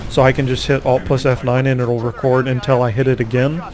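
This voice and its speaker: A man casually recapping a tournament over gameplay, rambling and poking fun at himself, with quick reactions to the match. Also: medium pitch, little pitch movement, a crowd in the background. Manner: rambling, self-mocking, reacts aloud to the game.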